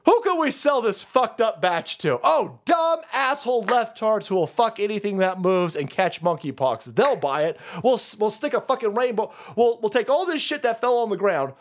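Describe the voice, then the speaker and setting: This is a greedy male cereal-company boss, put on by a man. He talks in a brash, sneering way about his customers. The voice sits higher than the speaker's everyday register and sounds openly mocking. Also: expressive, moderate pace, few pauses.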